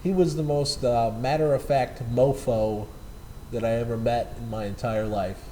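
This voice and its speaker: A man's voice: medium pitch, steady tone, moderate pace, warm tone, slight background noise, low-quality recording. A man casually telling rambling, profane anecdotes about a former coworker, often repeating and correcting himself. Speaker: storyteller.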